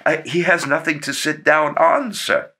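A man's voice: a little high, fairly even intonation, a little slow, pushed and bright, pitched above the performer's own voice. An actor voicing a timid young man who answers meekly and keeps calling his father sir. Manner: meek and deferential. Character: timid young male cousin, deferential, keeps saying sir.

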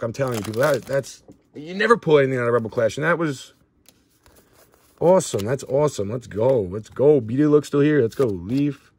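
A man's voice: medium pitch, brisk, husky. A young man hosting a card-opening video, casually listing cards as he goes and stumbling over some names. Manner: excitable, shouts and whoops at big pulls. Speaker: pack-opening channel host.

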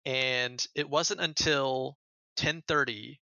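A man's voice: mid-range voice, steady tone, slow pace, creaky, bright, forceful tone, clear, resonant tone, dry recording, highs cut off. An American man who is a podcast guest, earnestly retelling events in a casual interview and often repeating words as he goes. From United States.

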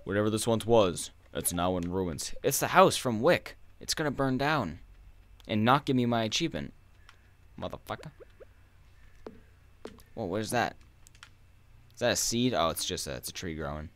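A man's voice: fairly low pitch, lively intonation, normal speed, long pauses, fairly bright tone. A young man chatting casually while playing a game, rambling and swearing as he rants. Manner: profane, ranting, rambling. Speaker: gaming streamer. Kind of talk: casual gameplay commentary.

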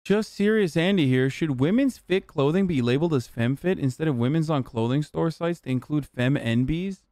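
A man's voice: on the high side, lively intonation, moderate pace, mellow, no echo. A man in his thirties from the United States, commenting on a live stream and ranting at his chat in a profane, exasperated way. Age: 30s. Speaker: streamer reacting to a video.

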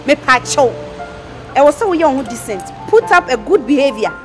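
A scolding Ghanaian woman speaks in a high voice that swings widely up and down. Clear background music plays under her words. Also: big pitch swings, normal speed. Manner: scolding, reproachful. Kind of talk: Ghanaian film acting.

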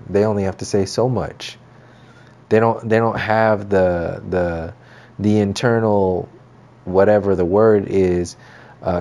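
A man's voice: on the low side, dark tone. A man hosting his own channel, talking in a loose, rambling monologue full of restarts, fillers and swearing. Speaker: channel host. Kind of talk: casual monologue commentary.

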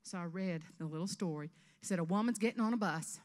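A woman in her fifties from South Carolina with a Southern US accent, giving a humorous keynote speech on stage with animated storytelling. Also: fairly low pitch, fast, big-room sound. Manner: animated storytelling with character voices. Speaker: motivational speaker. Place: event stage before an audience.

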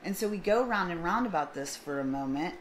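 Middle-aged woman, lowish voice, casual vlog storyteller who plays out both sides of a dialogue; faint background hiss. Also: animated, fairly quick, rough recording. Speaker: vlogger.

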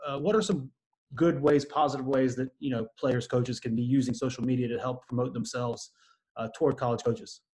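A man's voice: medium pitch, fairly even intonation, brisk, darkish tone. A male host asking a guest a long, rambling question full of fillers. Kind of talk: interview question.

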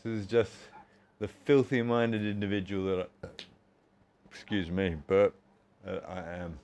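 Slow-talking Australian man in his forties. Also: fairly low pitch, steady tone, darkish tone, slight background noise. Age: 40s. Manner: chatty, self-mocking, keeps calling the audience folks. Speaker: fitness streamer. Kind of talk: casual chat while working out.

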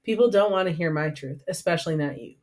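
A woman voicing a guarded teenage boy who turns angry and shouts. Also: lowish voice, fast talker, natural voice. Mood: shouting.

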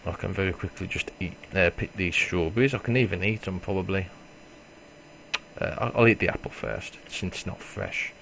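A gamer with a low, creaky voice gives casual let's play commentary at a moderate pace, swearing and making fun of himself. He reacts loudly, then drops to a mutter. There's slight background noise.

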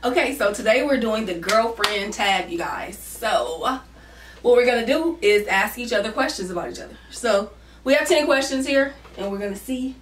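A woman co-hosting a couple's channel chats casually on their vlog, playfully teasing her partner and addressing viewers as "y'all." Her voice is a little high with lively intonation and a moderate pace. The mic sits at a distance in an echoey room, with a little hiss or hum.

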